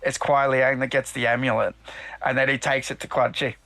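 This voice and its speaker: A man's voice: mid-range voice, flat delivery, fairly quick, gravelly, bright, forceful tone. A man on a casual live panel discussion, eagerly thinking aloud, with frequent restarts.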